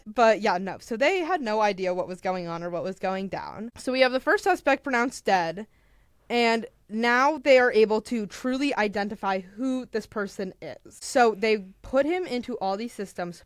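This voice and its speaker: A young woman on a podcast, retelling a true crime story in a casual, animated way, full of "like" and acted-out quotes. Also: fairly high pitch, normal speed, no room sound, studio quality. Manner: animated, acts out quotes, filler "like".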